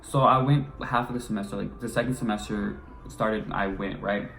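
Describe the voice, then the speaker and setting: A man's voice: on the low side, fairly even intonation, moderate pace, gravelly, a bit bright. A teenage man vlogging, telling a story in a casual chat and acting out his own past lines with lots of energy. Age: teens.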